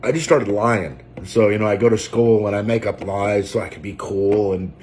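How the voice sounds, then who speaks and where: Low-voiced guy preaching his own testimony, lots of ums and pauses, thinking it through as he goes. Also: a little mellow, slight background noise. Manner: halting and reflective, with frequent pauses and fillers. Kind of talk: personal testimony, unscripted.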